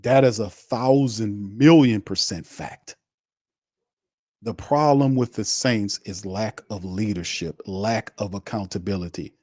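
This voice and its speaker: A man's voice: lowish voice, measured pace, mellow, no room sound, clean studio sound. A man hosting a sports show, delivering a heated, blunt rant on a live watch stream, repeating his points and mocking the other side. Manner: fiery, blunt and repetitive, with mocking asides.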